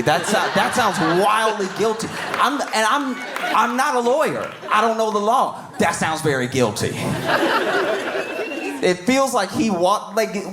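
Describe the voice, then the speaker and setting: Animated man doing stand-up comedy. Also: high voice. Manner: animated, laughing through lines, slips into quoted voices.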